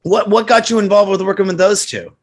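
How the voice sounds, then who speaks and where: American man hosting, higher voice. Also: fairly quick. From United States. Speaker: interview host. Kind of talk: casual interview. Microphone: computer mic over a video call.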